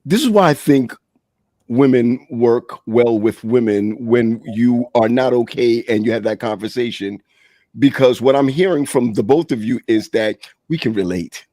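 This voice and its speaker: A man's voice: medium pitch, moderate pace, dark tone, no echo. A man in a casual group chat speaking reflectively, stammering on restarts. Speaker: panelist.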